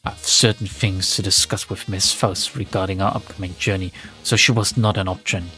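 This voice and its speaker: A man voicing a stern, formal older male commander, speaking low and measured while reading a game scene aloud. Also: fairly bright tone.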